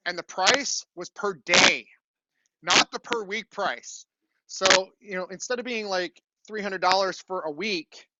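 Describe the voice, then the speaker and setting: A man's voice: sits high, lo-fi sound, heavy background noise. A middle-aged man, a university lecturer, telling a story in a classroom lecture and often asking "okay?". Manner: chatty storytelling, frequent "okay?" check-ins.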